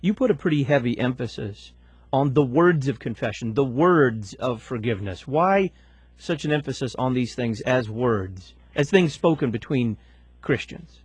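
A man hosting a radio talk show, announcing upcoming segments and interviewing a guest in a smooth, practiced way. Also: mid-range voice, expressive, moderate pace, no echo.

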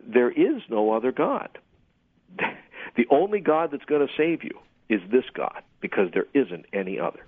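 Husky-voiced pastor on a phone line. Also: male voice, mid-range voice, big pitch swings, no room sound. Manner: measured, explanatory, with hesitations. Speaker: pastor and guest theologian. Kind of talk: radio talk show answers.

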